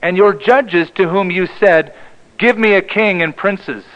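A male pastor preaching a sermon in an emphatic way, often dropping to a hushed tone for the key lines. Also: sits high, measured pace, highs cut off.

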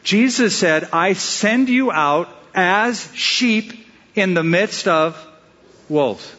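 A man's voice: sits high, lively intonation, extremely slow, bright, forceful tone. A male pastor giving a conversational sermon, asking his listeners questions and acting out little asides. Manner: conversational preaching with rhetorical questions and acted-out asides. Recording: dull sound with long hall reverb.

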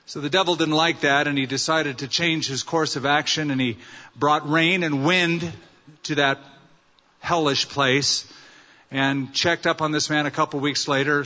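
A male pastor preaching a sermon with earnest storytelling and rhetorical questions, in a bright, fairly high voice. The sound is dull and rings with a long reverb, as from a church sanctuary.

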